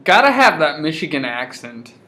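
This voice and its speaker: A man's voice: a little high, sing-song, normal speed, bright, forceful tone. A young man co-hosting a podcast, teasing and swearing freely in casual comedic chat. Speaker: podcast co-host.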